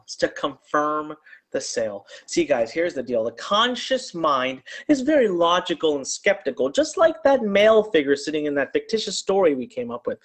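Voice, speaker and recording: Male marketing speaker, husky and a touch high, animated motivational storyteller. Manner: animated storytelling, acting out his own panic. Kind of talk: motivational sales talk.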